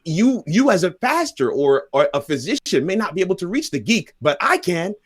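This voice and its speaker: A man's voice: sits high, sing-song, moderate pace, breathy edge, no echo, studio quality. A man on a video call at a live-streamed panel, building a sermon-like point with repeated phrases and a jokey, self-deprecating touch. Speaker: panel guest sharing a faith message.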